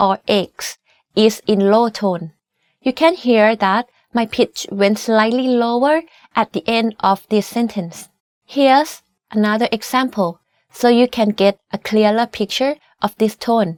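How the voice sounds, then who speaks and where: Clear, careful woman teaching in a dry studio. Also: a little high, moderate pace, no room sound. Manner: clear, careful demonstrating delivery. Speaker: language teacher. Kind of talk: scripted instructional narration.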